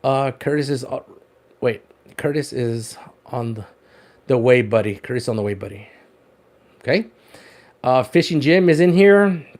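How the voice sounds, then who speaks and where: A man's voice: mid-range voice, animated, measured pace, long pauses, darkish tone. Chatty man hosting a fishing livestream. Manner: chatty, repeats words, laughs often. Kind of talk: casual livestream chat.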